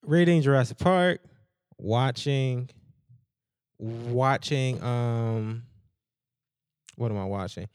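A man's voice: mid-range voice, takes it slowly, pauses often, clean tone, dry recording, studio quality. A man in casual podcast chat, telling a story with lots of acted-out quotes and laughter. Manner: animated storytelling, acts out quotes, laughs often.

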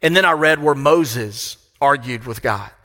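Speaking a little slowly in a medium-pitched, sharp-toned voice, a middle-aged pastor gives a sermon from a church pulpit. He is emphatic and repeats phrases for weight, with the sanctuary adding a long reverb.

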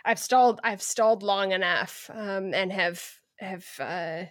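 A woman podcast co-host summarizing a book chapter in casual, halting chat. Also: medium pitch, dry recording, studio quality. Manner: hesitant, lots of restarts.

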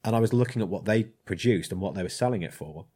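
A man with a fairly low voice chats casually about his craft as a blacksmith. He rambles, trails off and restarts with plenty of ums, in a relaxed conversational way. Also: fast talker, husky. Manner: rambling, hesitant with many ums. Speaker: blacksmith, guest. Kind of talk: casual chat.

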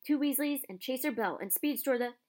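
A woman doing an excited young match commentator. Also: sits high, a little fast, pitched above the performer's own voice, natural voice. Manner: lively, cheeky play-by-play.

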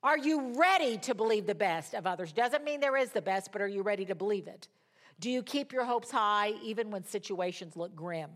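Woman, middle-aged, Bible study teacher; expressive storyteller with a flair for drama, medium pitch. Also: a little fast.

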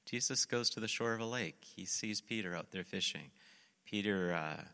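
A man with a very low voice preaches a sermon, and his tone is bright and forceful. He tells the story animatedly and acts out the lines of the characters. A long reverb rings around him, as if he is in a big hall. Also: normal speed. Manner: animated storytelling, acting out scripture quotes. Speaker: pastor.

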